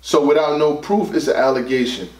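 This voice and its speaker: A man's voice: a little high, brisk, darkish tone, far from the mic. A man hosting a casual commentary chat, blunt and profane, walking through the story step by step. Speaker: host. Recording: roomy sound, away from mic.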